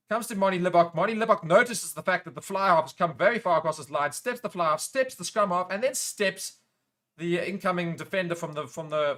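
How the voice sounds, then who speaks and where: Man, South African accent, higher voice, chatty live rugby stream host, excited play-by-play bursts. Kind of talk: casual live commentary while reading chat comments.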